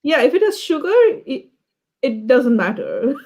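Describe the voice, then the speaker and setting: A woman, a comedian guest who talks openly and breaks into laughter. Her voice is fairly high and swings up and down a lot. She comes across easygoing and blunt. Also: lively intonation, unhurried, darkish tone. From India. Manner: giggly, frank, easygoing.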